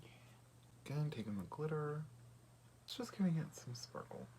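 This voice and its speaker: A man chatting casually through a makeup tutorial, often dropping to a soft half-whisper while he works. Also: on the high side, sing-song, moderate pace. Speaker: beauty vlogger.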